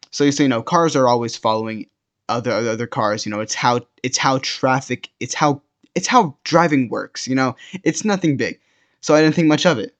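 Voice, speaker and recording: A young man casually narrating a personal story in first person, rambling and restarting his sentences often. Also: mid-range voice. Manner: rambling, many restarts and repeated words. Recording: dull lo-fi sound.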